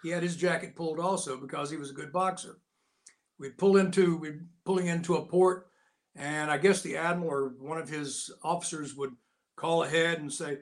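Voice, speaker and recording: An older American man, an actor and Navy veteran, telling lively anecdotes as an interview guest and acting out the people he quotes. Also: on the high side, brisk. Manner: animated anecdotes with voiced quotes. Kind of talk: casual storytelling.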